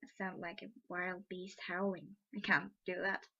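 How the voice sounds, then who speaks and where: A woman's voice: lowish voice, flat delivery, normal speed, sharp tone, slightly rough. A woman narrating a story aloud in an amateur reading, casual and stumbling now and then. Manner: casual, some stumbles and fillers. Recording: dull lo-fi with faint music.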